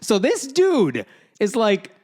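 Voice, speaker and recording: Animated man on a podcast. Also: high voice, takes it slowly. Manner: animated, reads out quotes with sarcasm. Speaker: podcast co-host. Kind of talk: casual chat.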